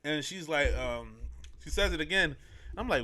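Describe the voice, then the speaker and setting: A man's voice: on the high side, lively intonation, normal speed, bright, forceful tone. A young man hosting a podcast, telling a personal story in casual, slangy, rambling talk full of fillers. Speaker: podcast host.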